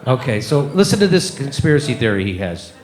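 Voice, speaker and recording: A man's voice: mid-range voice, big pitch swings, brisk, background noise. A male comedian hosting a live show, ranting sarcastically with lots of swearing at an audience. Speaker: comedian host. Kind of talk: live stand-up commentary. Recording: echoey live room with crowd.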